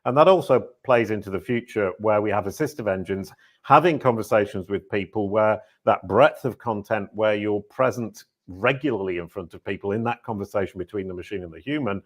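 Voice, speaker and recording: A man hosting a podcast interview, talking in long energetic explanatory runs. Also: lowish voice, fairly quick. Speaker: podcast host. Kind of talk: conversational interview.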